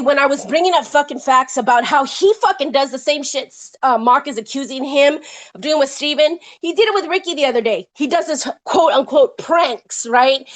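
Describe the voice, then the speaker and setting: Woman, high-pitched, angry livestream rant, constant swearing, rapid-fire complaints. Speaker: livestream host. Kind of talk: angry live-stream rant.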